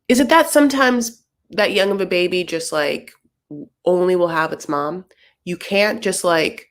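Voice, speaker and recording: A woman giving casual, sarcastic commentary on a reality show, rambling with lots of fillers. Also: on the low side.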